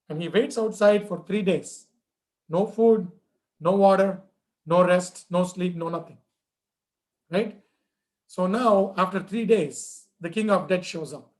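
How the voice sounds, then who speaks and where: A man's voice: sits high, unhurried, long pauses, a little mellow. A man telling a traditional story to children in a conversational way, checking in with his listeners.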